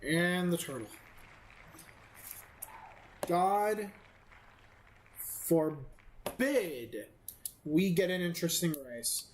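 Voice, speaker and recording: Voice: mid-range voice, lively intonation, drawn-out words, pauses often, a little hiss or hum, low-quality recording. A gaming video creator giving casual let's-play commentary, rambling and self-amused, with many fillers.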